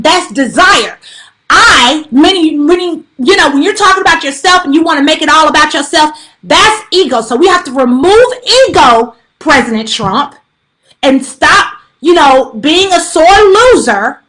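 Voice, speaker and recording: A livestreamer with a high, animated, slightly bright voice speaks at a moderate pace, delivering an impassioned spiritual message to her audience over a phone. Preachy and emphatic, she repeats pleas and warnings, using slang and plenty of fillers.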